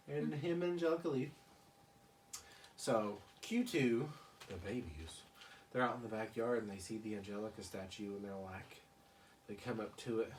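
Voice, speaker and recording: A man's voice: mid-range voice, moderate pace, roomy sound, distant mic, a little hiss or hum. A man casually retelling a cartoon episode for friends, crude and rambling. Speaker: storyteller among friends. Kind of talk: comic retelling with voices.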